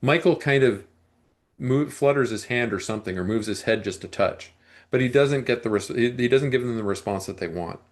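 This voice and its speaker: Co-hosting a podcast about movie reviews, a man with a medium-pitched voice talks casually, fairly quickly, and at length, frequently clearing his throat and starting his sentences over.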